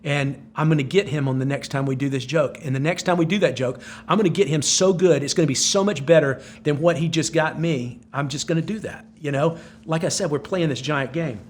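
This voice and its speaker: An older man in his sixties recounts a gripping personal story as a podcast guest. His voice sits a little higher than most men's, and he tells it with breathless intensity, looping back on his phrases. A faint hiss runs under the conversation. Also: a little fast, few pauses. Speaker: podcast guest, former Navy SEAL.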